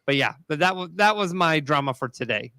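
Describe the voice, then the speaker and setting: A man's voice: fairly high pitch, expressive, a little fast, bright, forceful tone, smooth, no room sound. A man hosting a casual chat show who rambles with many fillers and jokes around. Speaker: host.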